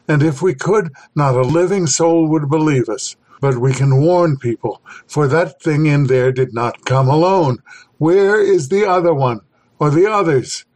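A man voicing a terrified, hoarse explorer. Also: on the high side, a little slow, a little mellow. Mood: grim urgency. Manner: urgent, pleading, hoarse. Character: terrified male polar explorer, shaken.

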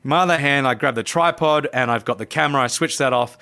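A man, a podcast guest, telling a personal story in animated conversation and acting out his own past lines. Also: mid-range voice, fast talker. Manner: lively narrator who acts out his own past lines. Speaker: podcast guest, coach and speaker.

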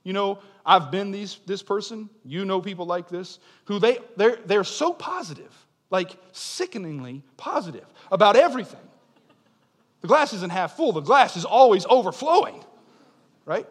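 A young male pastor with a high voice preaches in a church sanctuary. He swings from soaring, insistent proclamations down to hushed, almost offhand remarks. A long reverb trails each phrase through the hall. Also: lively intonation, moderate pace. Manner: impassioned, swings from loud declarations to quiet asides. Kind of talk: sermon.

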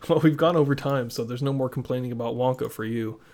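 A man's voice: medium pitch, fast talker, a little mellow. A man co-hosting a film podcast, easygoing and agreeable, who laughs often and moves the talk along. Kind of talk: casual film review chat.

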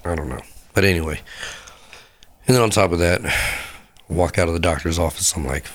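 A man's voice: low voice, fairly quick, pauses often. A sick man with a sore throat, rambling crudely and profanely as a podcast host. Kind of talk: rambling casual monologue.

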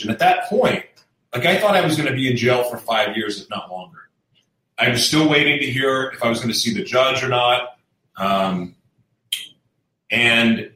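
A man's voice: medium pitch, sharp tone, distant mic. A man telling his own recovery story in an earnest, rambling way, with many fillers and restarts. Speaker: show host sharing his recovery story. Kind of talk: candid personal storytelling. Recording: echoey room, voice off-mic.

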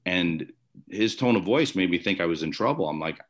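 A man's voice: low-pitched, a little fast, a bit bright. A man from the Chicago area, a former umpire, telling stories in an interview from his home office, with rambling restarts and fillers. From Chicago area, USA. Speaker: guest, former baseball umpire. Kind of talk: conversational storytelling interview.

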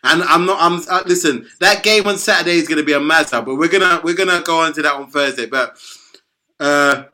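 A man's voice: a little high, brisk, bright, forceful tone. A man hosting a casual football chat, laughing often and reading out viewer comments. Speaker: host.

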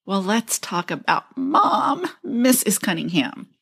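A woman's voice: medium pitch, big pitch swings, slow, vocal fry, a bit bright, husky. A woman co-hosting a podcast, enthusiastically sharing researched background in a casual storytelling way. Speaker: podcast co-host. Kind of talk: casual chat, reading researched notes.

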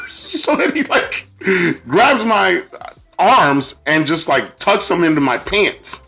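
A young man co-hosting a podcast, telling a story in casual chat, animated and laughing through it as he acts out quotes. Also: high-pitched, slow, husky, faint music behind. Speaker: podcast co-host.

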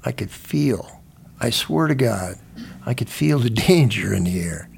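A man's voice: mid-range voice, expressive, unhurried, gravelly, breathy edge. An older man, a veteran guest, telling stories in a rambling, conversational way, often restarting his sentences and swearing now and then. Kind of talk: conversational storytelling.

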